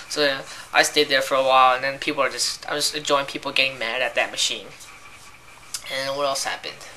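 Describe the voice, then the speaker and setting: Young woman venting bout customers, low voice, kinda bright edge, rambly w lots of likes. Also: fairly even intonation, quick pace, a little hiss or hum. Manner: exasperated, rambling, heavy use of "like" and "right?". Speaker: retail cashier venting about customers. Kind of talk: casual ranting vlog.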